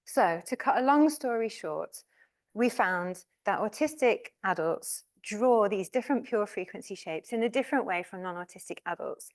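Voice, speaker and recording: A woman professor giving a university lecture in an informal, chatty way, with a high-pitched voice. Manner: chatty and informal, with laughs and fillers.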